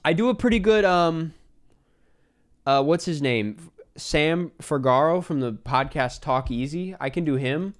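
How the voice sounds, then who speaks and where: A man streaming a geography guessing game, talking to himself and his chat in an excitable, casual way. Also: fairly high pitch, measured pace. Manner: excitable, talks to himself while guessing, swears. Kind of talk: casual live gameplay chat.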